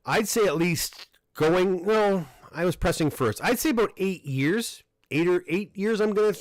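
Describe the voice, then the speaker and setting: A middle-aged Canadian man hosting a casual livestream unboxing, talking in a relaxed, rambling way with frequent restarts and fillers. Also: sits high, no echo. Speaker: comic book dealer and host. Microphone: desk microphone close up.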